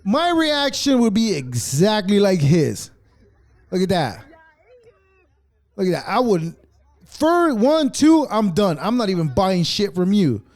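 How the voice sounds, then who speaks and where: His voice sits high, and he speaks slowly with frequent pauses as he hosts a podcast. Reacting to clips, the man delivers a casual, animated rant laced with sarcasm and heavy profanity.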